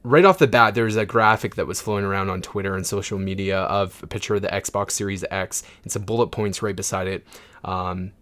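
A young man hosting a casual gaming podcast, relaxed and upbeat, with plenty of fillers. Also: on the low side, a little fast. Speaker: podcast host.

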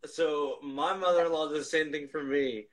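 A man's voice: a little high, fairly even intonation, normal speed, poor audio. A man chatting casually over a video call, reminiscing in a rambling way and restarting his sentences often. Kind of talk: casual chat.

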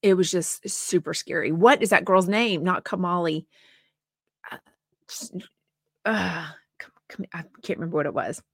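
A woman's voice: lowish voice, normal speed, slightly rough, dry recording, studio quality. A woman co-hosting a show, chatting casually and rambling sympathetically as she reads viewer comments aloud. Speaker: co-host.

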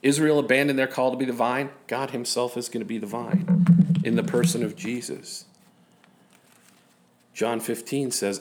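A man's voice: mid-range voice, little pitch movement, normal speed, pauses often, a little mellow. A man preaching a sermon in a conversational way, with self-deprecating asides. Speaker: pastor.

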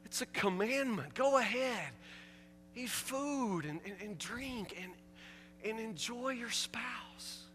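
A man's voice: extremely high pitch, animated, slow, a bit bright, big-room sound, slight background noise. A man preaching a sermon, pressing the congregation with emphatic, repeated rhetorical questions. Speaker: pastor.

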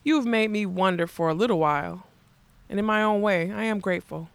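A woman reading the lines of a mad, possessive old king, soft and menacing in turn. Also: mid-range voice, fairly quick, vocal fry, no room sound, natural voice. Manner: soft and menacing, turning fierce and childlike.

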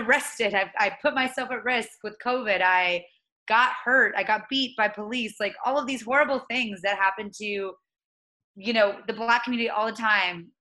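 A woman in her late twenties speaking as an interview guest, earnest and reflective, often pausing and restarting. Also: on the high side, bright, forceful tone, rough recording. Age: 20s. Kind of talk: conversational interview.

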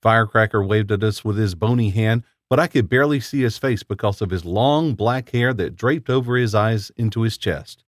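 A man reading a first-person horror story aloud in a measured, dramatic storytelling manner. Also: fairly low pitch, no echo, studio quality.

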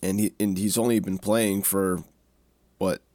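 A man's voice: low voice, steady tone, measured pace, darkish tone, dry recording. A man co-hosting a football podcast, talking eagerly and at length about his team's recent run, often restarting his sentences. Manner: eager, rambling, many restarts. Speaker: podcast co-host. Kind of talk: casual football podcast chat.

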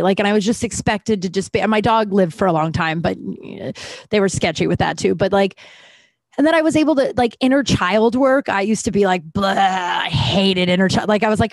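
A woman's voice: mid-range voice, brisk, a little mellow, no room sound. A woman talking candidly in a casual conversation about recovery, rambling and self-searching, swearing freely. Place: Los Angeles area.

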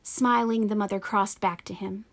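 A woman's voice: medium pitch, fairly even intonation. Woman pastor preaching a sermon. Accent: Pennsylvania. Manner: measured, earnest preaching.

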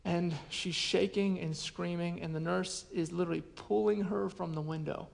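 A man preaching a sermon as a pastor, telling a personal story in an earnest way and often dropping to a hushed voice. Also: high voice, fairly even intonation, normal speed, creaky.

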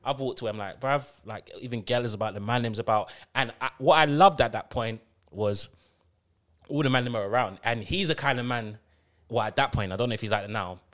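A man casually telling a story on a podcast, full of slang and acted-out quotes. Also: fairly quick. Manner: animated, slangy, acts out quotes with big pitch jumps. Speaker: podcast co-host.

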